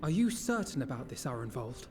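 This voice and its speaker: An actor playing a measured, concerned male mentor figure in a game cutscene. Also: mid-range voice, sing-song, a little mellow, soft background music, close to an everyday voice. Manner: measured, worried.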